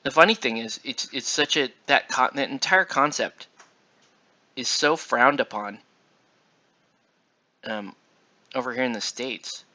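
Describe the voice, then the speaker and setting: Tired, bright-voiced man rambling casually. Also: mid-range voice, unhurried, pauses often. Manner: rambling, many fillers and restarts. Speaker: miniature painting channel host. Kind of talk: casual rambling chat while painting. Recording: dull lo-fi recording.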